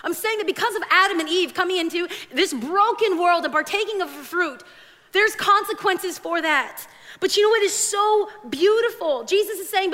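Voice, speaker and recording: Woman preacher, high voice, animated sermon, church hall reverb, soft music behind. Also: normal speed. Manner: animated, acts out voices in quotes. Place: church sanctuary. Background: soft worship music.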